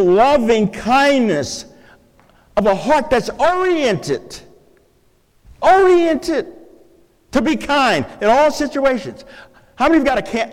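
Man, preacher, measured pace, playful questions to congregation, church sanctuary, reverberant hall. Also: sits high. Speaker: pastor. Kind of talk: interactive sermon with object lessons.

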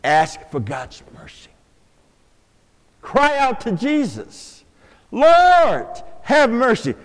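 A high-pitched older man delivers a sermon to his church. His voice swings widely between near-whispered pleas and loud, ringing calls, with long reverb from the sanctuary around him. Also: wildly swooping pitch, drawn-out words. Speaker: pastor.

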